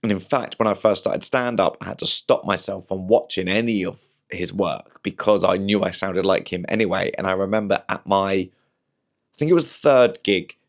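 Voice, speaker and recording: Rambling southern English man, lowish voice. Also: normal speed. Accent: southern English, Berkshire. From Slough, England. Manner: rambling, self-deprecating, animated asides. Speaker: comedian host. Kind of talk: casual storytelling chat.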